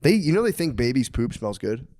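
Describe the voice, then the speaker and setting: A man co-hosting a podcast in a lively, joking way, laughing often and calling everyone dude. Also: mid-range voice, fairly quick, no room sound, studio quality. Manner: laughs often, animated, says dude a lot. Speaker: podcast co-host. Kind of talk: casual crude banter.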